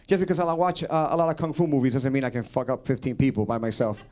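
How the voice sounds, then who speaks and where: A man's voice: medium pitch, fairly even intonation, fast talker, background noise. A man from New York City doing a rambling stand-up set, full of fillers and restarts. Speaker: stand-up comedian.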